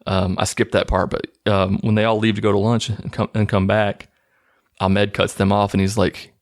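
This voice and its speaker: A man with a lowish, gravelly voice talks through a movie's plot in a casual, sarcastic way. He sounds incredulous and amused as he mocks the story. The fry in his voice gives it a rough texture. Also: flat delivery, normal speed. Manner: mocking, incredulous, loose. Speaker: movie recap host.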